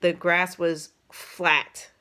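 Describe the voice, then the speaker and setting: A young adult woman tells a personal story to her vlog audience in a casual, rambling way. Her voice sits a little low for a woman, and she leans on fillers and restarts as she talks. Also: little pitch movement, very slow, sharp tone. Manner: rambling, many fillers and restarts, emotional retelling. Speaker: vlogger.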